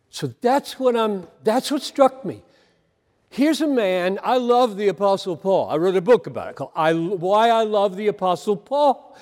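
A man preaching a sermon on a Bible passage, earnest and emphatic, with deliberate pauses between phrases. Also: sits high, a little mellow. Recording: long hall reverb.

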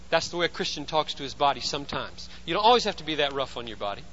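A man preaching a sermon as pastor, emphatic, swinging between loud urgency and hushed intensity. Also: a little high, animated, fast talker, few pauses, dull audio.

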